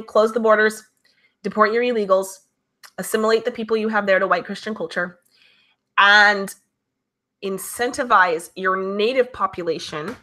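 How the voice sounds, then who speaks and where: A woman reads comments from her live-stream audience and answers them in a loose, chatty style. She speaks in a mid-range voice with a bright, forceful tone.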